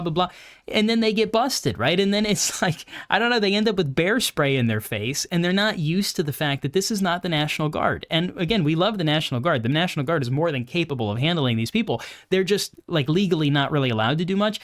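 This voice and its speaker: A young man hosting a podcast, giving opinionated political commentary in a sarcastic, mocking way. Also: on the high side. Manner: sarcastic, mocking, animated with put-on quote voices. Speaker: podcast host.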